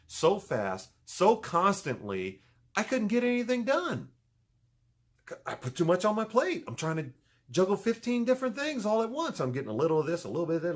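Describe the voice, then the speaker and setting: A middle-aged man giving casual motivational advice in a video blog, animated and profane, swinging from loud emphasis to low muttering. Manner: profane, joking. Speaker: video blogger.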